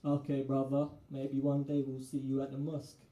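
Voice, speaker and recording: A man's voice: medium pitch, completely flat delivery, normal speed, warm tone, natural voice. A man voicing a devout young man who lectures a friend in a moralizing, scolding way. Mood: preachy. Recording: echoey live venue room.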